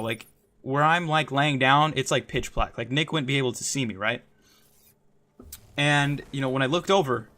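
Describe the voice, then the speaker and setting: A man's voice: on the high side, sharp tone, slight background noise. A young man casually telling a personal story, rambling and swearing a lot, with frequent "like" and "right?". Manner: rambling, profane, lots of "like" and "right?".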